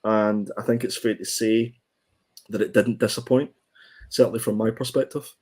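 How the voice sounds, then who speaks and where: A man's voice: fairly low pitch, steady tone, normal speed, darkish tone, husky. A man co-hosting a comic book review podcast, chatting casually and hesitantly with many ums and restarts.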